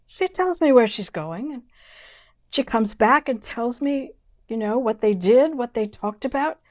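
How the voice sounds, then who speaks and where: Older woman guest, a little high voice, halting and unsure, muffled lo-fi line. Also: lively intonation, a little mellow. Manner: hesitant, halting, self-doubting. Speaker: guest, old friend. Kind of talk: casual chat between old friends. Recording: dull lo-fi remote line.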